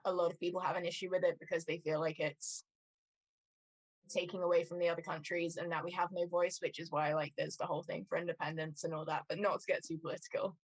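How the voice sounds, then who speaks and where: A woman's voice: lowish voice, little pitch movement, fast talker, dry recording. A woman explaining things in casual livestream chat, with many fillers. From Scotland. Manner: explanatory, lots of "like" and "um". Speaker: cosplay livestream co-host.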